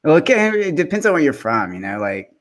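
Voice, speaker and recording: A man's voice: fairly high pitch, very animated, a little fast. A man co-hosting a casual chat, teasing and giggling. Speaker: podcast co-host.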